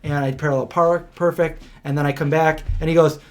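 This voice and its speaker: A man hosting a livestream, telling stories in a casual, rambling way, full of fillers and animated retellings. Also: on the high side, brisk. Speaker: host of a livestream. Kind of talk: casual storytelling chat.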